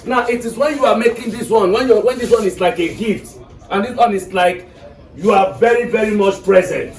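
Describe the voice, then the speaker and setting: A man with a high, brisk voice and a Nigerian accent teaches an English lesson, quizzing students and checking "are you getting me." The recording catches him from far off in an echoey classroom with noise.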